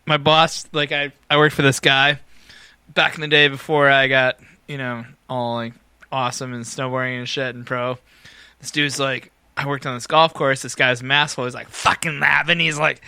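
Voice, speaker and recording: Man, podcast co-host, bright, clear, resonant, rambling profane stories, laughs a lot, dry close mic. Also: medium pitch, little pitch movement, normal speed, no echo. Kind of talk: casual bar-talk podcast chat.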